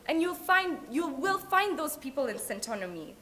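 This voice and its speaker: A young Kenyan woman giving a lively motivational talk at an open day, mixing in Swahili phrases. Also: high-pitched, a little fast, few pauses. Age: young adult. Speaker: alumna speaker. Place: event hall at an open day.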